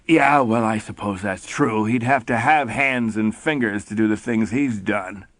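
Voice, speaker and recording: A man's voice: lowish voice, a little slow, a bit bright, dry recording. A man voicing a sardonic woman psychic with a dry, mocking delivery in an audiobook. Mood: wry.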